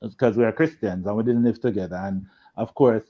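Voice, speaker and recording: Man, animated storyteller, muffled video-call sound. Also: lowish voice, brisk. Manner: animated storyteller, laughs a lot, acts out quotes loudly. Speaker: guest. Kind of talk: storytelling in a group video chat.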